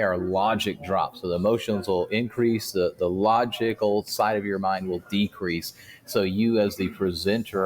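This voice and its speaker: A man, a guest on a podcast interview, explaining things calmly with everyday examples. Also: on the low side. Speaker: guest speaker. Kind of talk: casual interview talk.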